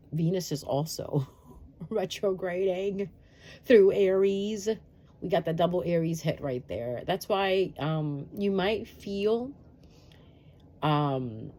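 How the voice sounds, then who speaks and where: A woman's voice: on the low side, a little mellow. A woman giving a casual, chatty astrology update straight to her viewers, reassuring and sprinkled with "um" fillers. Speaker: astrology reader.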